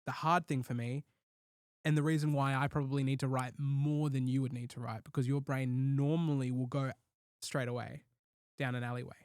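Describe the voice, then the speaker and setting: A man's voice: medium pitch, level tone, moderate pace, smooth, no echo. A man in casual podcast chat, rambling and swearing lightly as he works through ideas. His voice sits mid-range, recorded close and dry, with no room sound around it. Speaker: podcast host and comedian.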